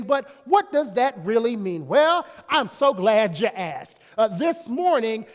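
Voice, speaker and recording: A man preaching a sermon as pastor, folksy, breaking off to talk to himself and to the congregation. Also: high-pitched. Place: church sanctuary. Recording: long reverb of a church hall.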